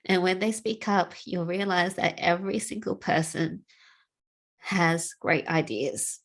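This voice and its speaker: A woman speaks in an unhurried, lower voice, sharing personal reflections with sincere feeling. She talks slowly and earnestly, pausing to sigh between thoughts. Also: vocal fry. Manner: emotional, tearful at times, with sighs and laughs; slow and reflective. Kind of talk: heartfelt personal talk.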